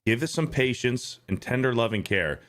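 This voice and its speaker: A man's voice: mid-range voice, lively intonation, moderate pace, a bit bright. A man hosting a casual podcast, talking in crude, joking banter. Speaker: podcast host.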